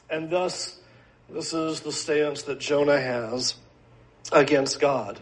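High-voiced man preaching a sermon. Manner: earnest, measured preaching with rhetorical questions. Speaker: pastor.

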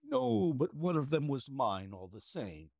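A man voicing a frightened little male clerk who whines in a high, quavering voice. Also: wildly swooping pitch, a little slow, vocal fry, darkish tone, no echo, studio quality, heavily acted. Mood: whining.

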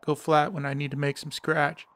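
A man voicing a calm, laconic young male climber who dabbles in computers. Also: on the high side, normal speed, dry recording, lightly acted. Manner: cool, laconic.

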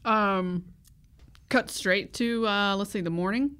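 A woman's voice: mid-range voice, takes it slowly, fairly bright tone, clear, resonant tone. Chatty woman recapping a movie. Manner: chatty, laughs often, playful asides. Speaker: podcast co-host. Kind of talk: casual movie recap chat.

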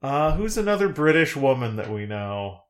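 A man's voice: mid-range voice, big pitch swings, normal speed. A man co-hosting a podcast, talking casually, laughing often and swearing now and then. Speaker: podcast co-host. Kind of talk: casual chat.

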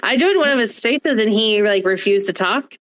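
A woman's voice: fairly high pitch, animated, normal speed, rough recording. A woman in a casual group chat, playful and teasing.

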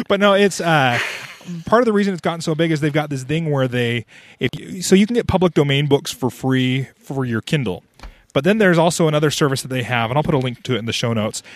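A man's voice: a little high, animated, quick pace, no echo, clean studio sound. A man hosting a podcast, chatting casually and often restarting his sentences. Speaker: podcast host. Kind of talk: casual chat.

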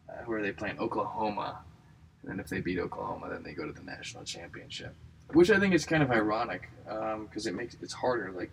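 A man's voice: fairly low pitch, distant mic, slight background noise, poor audio. A man in his thirties hosting a comedy podcast, rambling casually with wry, self-mocking asides.

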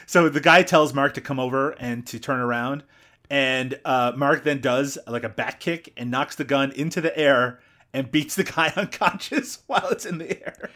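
A man's voice: medium pitch, moderate pace, bright, forceful tone. A man co-hosting a podcast, retelling a movie's plot in casual chat with jokes and asides. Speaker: podcast co-host.

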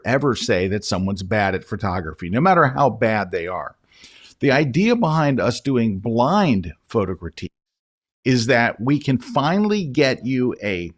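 A man who is a guest photography educator, telling an anecdote in a casual interview and often addressing the host by name. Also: lowish voice.

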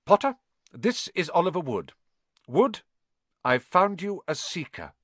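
A brisk, stern older schoolmistress barks her words in a raised voice, as a male narrator puts her on. Her speech is clipped and commanding, with a lively rise and fall, and the close sound is dry. It is part of a storybook reading. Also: high voice, no room sound, pitched above the performer's own voice, full character voice. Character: stern older female professor.

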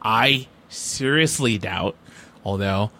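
A man's voice: on the low side, slow pace, bright, forceful tone. A man co-hosting a movie talk show, dry and skeptical, dismissing hype in casual chat. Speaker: co-host.

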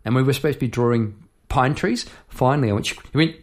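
Talking fast in a medium-pitched voice, a man hosting an episode casually explains his song lyrics one line at a time. He's chatty and rambling, drifting into side stories and tossing in "eh?" and "yeah?" as he goes.

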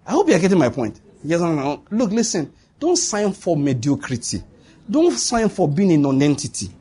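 Husky pastor preaching. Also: male voice, a little high, sing-song, normal speed, warm tone. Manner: emphatic, repetitive declarations with bursts of laughter. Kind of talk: sermon. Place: church with a congregation answering.

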